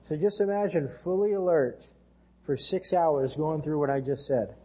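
An American male pastor gives an earnest sermon in a husky, mellow voice at a moderate pace. His pitch runs slightly high and rises further when he reads scripture.

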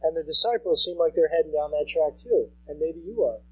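Man, pastor, sermon, high husky voice, chatty, repeats himself. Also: a little fast, rough recording. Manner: conversational preaching, repeats key phrases. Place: church sanctuary.

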